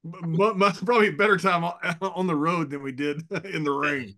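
A man's voice: fairly high pitch, steady tone, fairly quick, bright, forceful tone. A man in his fifties, a podcast guest, telling stories casually, chuckling often and repeating words as he goes. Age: 50s. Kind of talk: casual storytelling.

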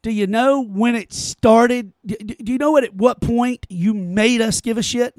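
A man's voice: extremely high pitch, moderate pace, dry recording. A man giving an opinion monologue in an emphatic, rhetorical way, often repeating his phrases. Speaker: commentator.

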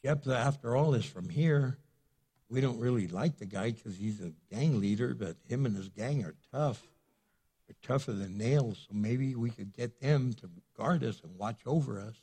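Worried ancient townsfolk, as a man voices them, plotting in a hushed, conspiratorial tone. The voice drops lower and softer than his usual preaching, and it stays husky. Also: normal speed. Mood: scheming.

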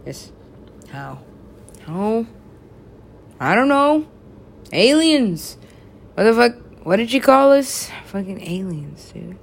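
A woman's voice: mid-range voice, very animated, takes it slowly, creaky, long pauses. A young woman in casual chat with friends, rambling, laughing often and swearing freely.

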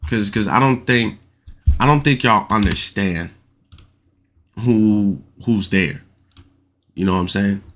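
A man's voice: on the low side, takes it slowly, pauses often, a bit bright, slight background noise. Slangy man hosting a casual podcast. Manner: loose and slangy, keeps asking "you know what I'm saying"; gets worked up and rhetorical, repeats himself. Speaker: podcast host. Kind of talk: casual solo podcast talk on sports.

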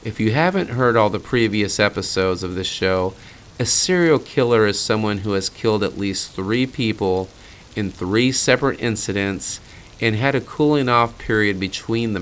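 A man's voice: fairly low pitch, a bit bright, a little hiss or hum. A man hosting a true-crime podcast in a casual, blunt and sarcastic way, swearing freely. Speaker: podcast host.

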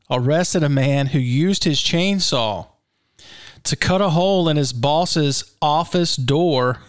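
A jokey male podcast host with a somewhat high, smooth and resonant voice. He chuckles through his rhetorical asides while reading odd news. The sound is close and dry. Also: no room sound.

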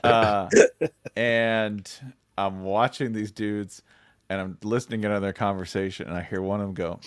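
Wry, animated male podcast guest. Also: on the low side, normal speed, smooth, dry recording. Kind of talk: casual podcast chat.

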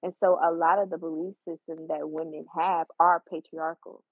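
A woman from Arkansas making earnest, measured points in a casual podcast debate, often hesitating and restarting. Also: deep voice, flat delivery, breathy edge, no room sound. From Arkansas, USA. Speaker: podcast co-host. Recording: tinny phone-like dry recording.

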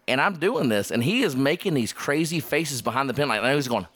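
A man's voice: medium pitch, expressive, fairly quick, a bit bright, no room sound. A man telling a story in casual podcast chat, laughing, swearing and acting out the cops' lines. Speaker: podcast host. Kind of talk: casual storytelling among friends.

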